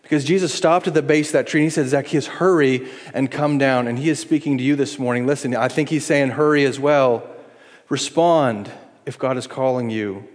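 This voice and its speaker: A man's voice: mid-range voice, moderate pace. Middle-aged man, pastor preaching, earnest, pleading, long hall reverb. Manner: earnest, pleading, shifts between hushed appeals and lively acted-out asides. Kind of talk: sermon. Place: church sanctuary.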